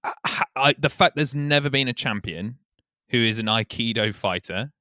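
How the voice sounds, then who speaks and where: A man's voice: mid-range voice, moderate pace, sharp tone, no echo, studio quality. A man co-hosting a podcast, talking in a rambling, sweary casual chat. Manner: rambling, swears, restarts, laughs easily. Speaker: podcast co-host.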